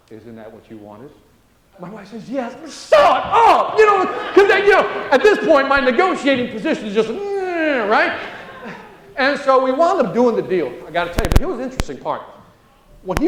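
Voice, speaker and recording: In an echoey large event room, a high-pitched, animated middle-aged man tells a sales story during a storytelling keynote. A sales trainer and motivational speaker, he acts out dialogue and frequently asks "right?".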